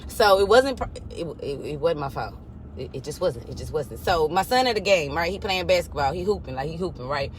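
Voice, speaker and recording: A woman's voice: low-pitched, lively intonation, brisk. A woman, telling a blunt, profane story in a parked car. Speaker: vlogger. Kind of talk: casual storytelling rant. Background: faint car noise.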